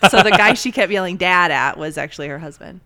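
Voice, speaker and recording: A woman with a bright, crisp tone and a fairly low voice, co-hosting a casual podcast. She tells stories in an animated way and laughs often between lines. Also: quick pace. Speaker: podcast co-host. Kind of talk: casual storytelling chat.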